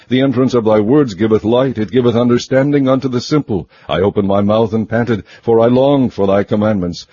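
A man giving a steady, measured scripted scripture reading, recorded slightly muffled and dry. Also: on the low side, breathy edge, no echo. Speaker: scripture reader.

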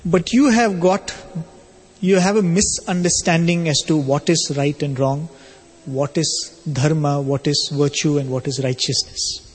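A man voicing a calm, virtuous housewife who speaks gently and with composure. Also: fairly high pitch, measured pace, slightly rough. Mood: instructive. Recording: long hall reverb.

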